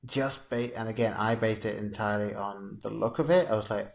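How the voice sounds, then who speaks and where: A man with a fairly low voice co-hosting a casual podcast. He talks in a relaxed, rambling way and often chuckles mid-sentence. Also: a little fast, vocal fry, few pauses. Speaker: podcast co-host.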